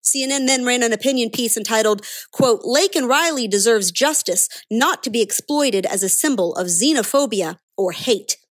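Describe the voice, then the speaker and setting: A woman's voice: fairly high pitch, animated, moderate pace, few pauses. A woman delivering a sarcastic, indignant political opinion monologue as a commentator.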